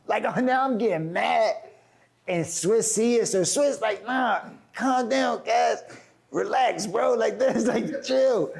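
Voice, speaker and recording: A man with a Philadelphia accent telling a profane, animated story, acting out quotes with big swings in pitch and filling his talk with "like". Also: slow, creaky, breathy edge. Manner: profane slang, frequent "like". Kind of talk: animated anecdote.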